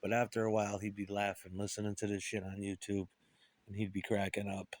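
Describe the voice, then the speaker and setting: A man's voice: on the low side, flat delivery, fairly quick, darkish tone, dry recording. A middle-aged man talking bitterly and profanely in a rambling monologue about guitar and his past. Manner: profane, bitter, puts on voices for quoted people.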